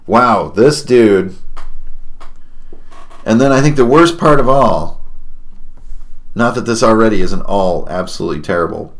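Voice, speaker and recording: A man livestreaming as he draws, chatting casually, musing aloud and laughing often. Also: fairly low pitch. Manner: laughs often, muses aloud while drawing. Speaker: artist streaming while drawing.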